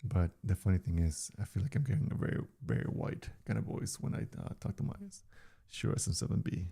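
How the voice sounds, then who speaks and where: Gravelly deep-voiced man, chatty streamer. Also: a little fast. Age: older. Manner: relaxed, chatty, loose and rambling. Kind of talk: casual live-stream chat. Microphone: studio dynamic microphone.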